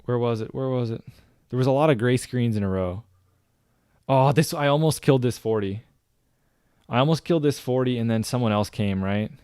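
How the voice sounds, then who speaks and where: A man casually commenting on his own game footage for viewers, chatty and excitable, often talking straight to the audience. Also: medium pitch, brisk, pauses often, clear, resonant tone, dry recording, clean studio sound. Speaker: gaming streamer reviewing his own clips.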